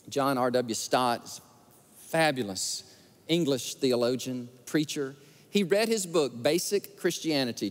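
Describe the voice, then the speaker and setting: A man preaching a sermon, telling stories and acting out the quotes with animated feeling. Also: on the high side. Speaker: pastor. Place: large church sanctuary. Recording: church sanctuary with long reverb.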